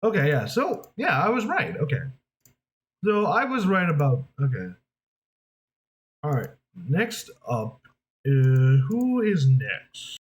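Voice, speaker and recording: A voice actor from New York talks casually to his viewers, thinking out loud as he rambles along. His voice rises and falls in a very lively way. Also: a little high, slow pace, pauses often, a little hiss or hum, rough recording. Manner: rambling, many fillers, thinks aloud. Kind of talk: casual talk to camera.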